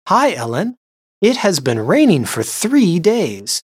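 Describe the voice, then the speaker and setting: A woman voicing a schoolboy in a slow, clearly enunciated listening-test dialogue. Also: lowish voice, sing-song, no room sound, studio quality, heavily acted. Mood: friendly. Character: schoolboy Ryo chatting about weekend plans.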